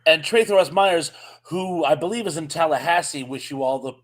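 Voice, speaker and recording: A man's voice: on the high side, a little fast. A man with a Southern US accent co-hosting a live stream, reading out chat greetings in a friendly, chatty way.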